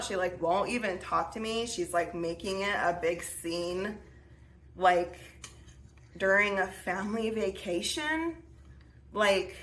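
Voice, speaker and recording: A woman's voice: mid-range voice, fairly bright tone. Chatty young woman telling a story. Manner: chatty, filler-heavy with many restarts and 'like'. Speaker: podcast host. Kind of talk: casual storytelling.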